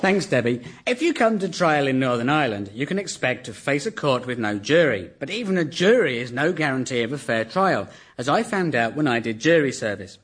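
Dry, ironic comedian in a mock lecture. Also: male voice, mid-range voice, sing-song, brisk, hardly any pauses, a bit bright, slightly rough. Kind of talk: satirical stand-up lecture before a live audience.

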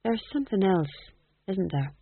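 A man voicing a gentle, perceptive actor's wife who speaks quietly and with measured firmness. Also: high voice, big pitch swings, breathy edge, no room sound, exaggerated voice. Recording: tinny phone-like dry recording.

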